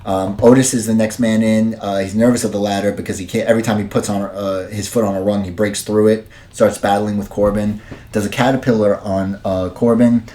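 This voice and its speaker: A man's voice: on the low side, steady tone, brisk, warm tone. A man casually recapping and reviewing a show as a podcast host, rambling with many fillers and restarts. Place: dim room at home.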